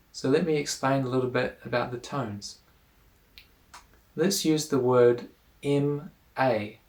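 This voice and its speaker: A man teaching an explanatory lesson, explaining step by step in a patient, measured way. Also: medium pitch.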